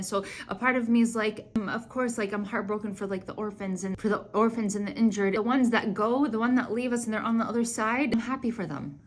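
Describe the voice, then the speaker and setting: A young woman, a mother, telling a religious story and reflecting on it in an earnest, conversational way with many fillers. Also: medium pitch. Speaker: Islamic speaker.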